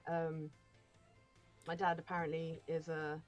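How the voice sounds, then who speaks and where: A woman's voice: low voice, completely flat delivery, unhurried, soft background music. A woman co-hosting a game stream, telling anecdotes in a chatty way with plenty of ums and laughing through her stories. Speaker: stream co-host. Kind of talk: casual storytelling chat.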